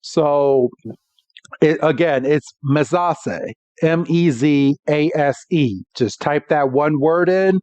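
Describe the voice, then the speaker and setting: A man's voice: on the high side, slow, a little mellow, no room sound. A man hosting a podcast, casually recapping an episode in a rambling way with many restarts. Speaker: podcast host. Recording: dull dry lo-fi.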